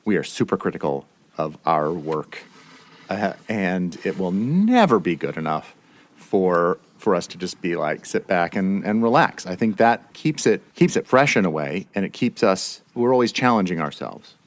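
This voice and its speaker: Deep, lively-voiced male podcast host. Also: moderate pace. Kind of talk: casual interview chat.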